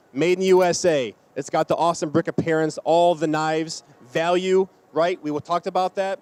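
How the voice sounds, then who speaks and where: Upbeat high-voiced man calling auction winners. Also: a little mellow, dry recording. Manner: upbeat, drawn-out name calls. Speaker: charity auction host. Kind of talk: announcing prize winners.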